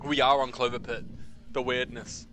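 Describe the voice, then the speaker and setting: A man from New Zealand rambles at his stream chat in a bright, forceful voice, full of slang and swearing. He keeps calling the viewers bro, with faint game music under his talk. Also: medium pitch, flat delivery, normal speed.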